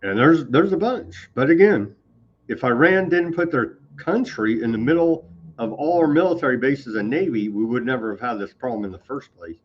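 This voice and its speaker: A man's voice: mid-range voice, expressive, moderate pace, slight background noise. A man hosting a live news show, reading posts aloud and commenting with sarcasm and indignation. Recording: slightly dull lo-fi sound.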